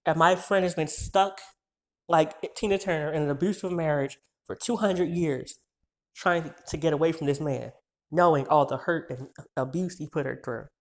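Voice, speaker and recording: Young guy in his 20s ranting a storytime, swearing nonstop, fired up and stumbling on words. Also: a little high. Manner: heated, profane, rapid-fire insults. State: worked up, stumbling over words. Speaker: vlogger telling a story. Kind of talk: storytime rant.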